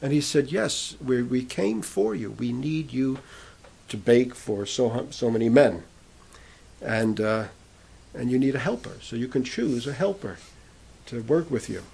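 A man's voice: medium pitch, lively intonation, unhurried, vocal fry, a little mellow, breathy edge. A man preaching, retelling a prisoner's conversion story and quoting the people in it. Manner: retells a testimony, quoting speakers in turn. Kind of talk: sermon storytelling.

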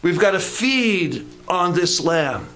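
A man preaching a sermon as a pastor, with deliberate, repeated emphasis and folksy asides. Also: sits high, sing-song, a bit bright, soft background music.

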